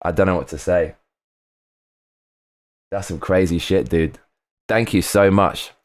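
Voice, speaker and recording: A man casually chatting on a live stream, reading out viewer comments, excitable and swearing often, repeating himself. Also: deep voice, a little slow.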